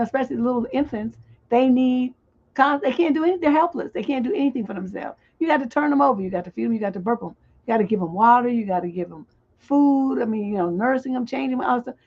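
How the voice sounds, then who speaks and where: A woman's voice: on the high side, darkish tone. Blunt, profane woman advice host. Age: middle-aged. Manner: blunt, profane, exasperated ranting. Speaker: relationship coach and livestream host. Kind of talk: livestream advice show, reading letters and ranting. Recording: dull lo-fi stream audio.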